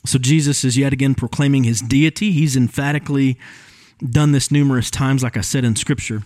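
Speaking a little fast, a pastor with a mid-range, slightly mellow male voice and fairly even intonation preaches an expository sermon in a church sanctuary; there's no room sound. He explains the text and its word meanings in an earnest teaching style, peppered with many ums.

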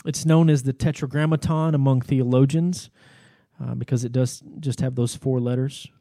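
A man's voice: medium pitch, steady tone, normal speed, dark tone, no room sound. A man giving a Bible teaching sermon, explaining the text in a conversational way with fillers and asides. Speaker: pastor.

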